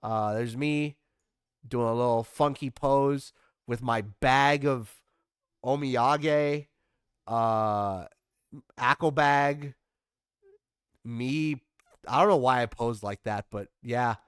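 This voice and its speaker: A young man recaps his travels for a live stream audience, wandering from thought to thought and joking at his own expense. His voice is smooth and clear at a middling pitch. The sound is dry and close, with no room around it. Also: takes it slowly, long pauses, a bit bright, no echo. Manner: rambling, self-deprecating, swears casually. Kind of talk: casual chat over photos.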